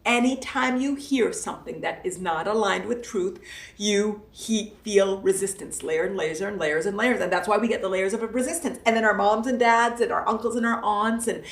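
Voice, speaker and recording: Speaking at a medium pitch and moderate pace, this gravelly-voiced self-help coach hosts a live talk, repeating herself playfully and emphatically for effect. It's a casual motivational session, and her voice carries a roomy echo from a distance off the mic.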